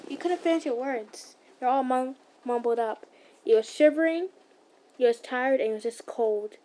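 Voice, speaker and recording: A woman reads a fan story aloud for listeners. Her voice sits high, her reading casual, with slips, restarts and little asides. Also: moderate pace, warm tone. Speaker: ASMR storyteller.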